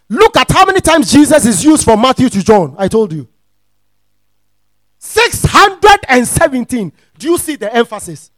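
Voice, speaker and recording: A male preacher teaches slowly, repeating key phrases and asking if his listeners are following. His very high voice swings widely, climbing into shouted, sing-song peaks. The sound is dry and close. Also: no echo. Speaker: pastor. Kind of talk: sermon teaching.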